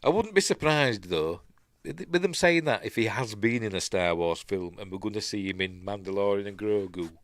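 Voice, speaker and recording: A man's voice: fairly low pitch, animated, moderate pace, dry recording, studio quality. A man with a Yorkshire accent hosting a casual live stream, rambling as he reads news and chat comments aloud and adds his own asides. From Yorkshire, England.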